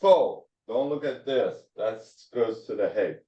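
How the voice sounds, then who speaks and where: A man teaching a slow Hebrew phonics lesson, sounding out syllables one at a time with many fillers. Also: on the low side, lively intonation. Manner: drawn-out, halting delivery with frequent fillers. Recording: echoey, dull room sound from a distance.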